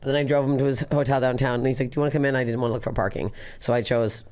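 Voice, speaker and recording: A young adult woman from Canada hosting a casual podcast, loud, brash and excitable, swearing freely. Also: extremely low pitch, very fast. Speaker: podcast host.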